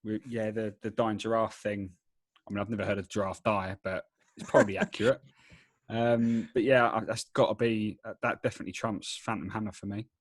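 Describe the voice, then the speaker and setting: A man co-hosting a casual podcast chat, talking in a hesitant, halting way. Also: on the low side, steady tone, dry recording. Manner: hesitant, halting, lots of restarts. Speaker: podcast co-host.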